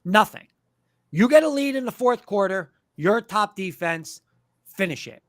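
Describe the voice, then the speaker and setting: A man's voice: high-pitched, expressive, moderate pace, no echo, clean studio sound. A man hosting a live sports talk show, ranting emphatically about his team and mocking fans' opinions.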